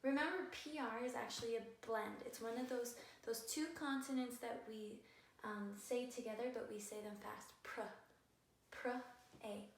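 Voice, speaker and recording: A woman teacher giving a patient phonics lesson to young children, sounding words out slowly and carefully. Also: on the high side, slight background noise. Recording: echoey room, voice a bit far from the mic.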